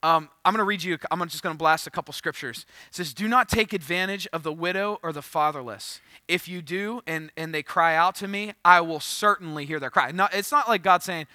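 A man's voice: a little high, a little fast, hardly any pauses, dry recording. A man in his thirties preaching a sermon, telling a funny story with jokes before reading scripture. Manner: storytelling, animated and joking. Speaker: pastor.

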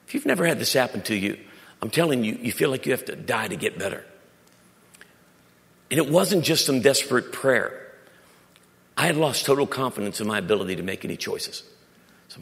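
A middle-aged man, preaching a sermon and telling stories, with loud emphatic moments and quiet, intimate ones. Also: mid-range voice, lively intonation, fairly quick, creaky, long pauses. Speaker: pastor. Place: church sanctuary. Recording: long reverb of a large hall.

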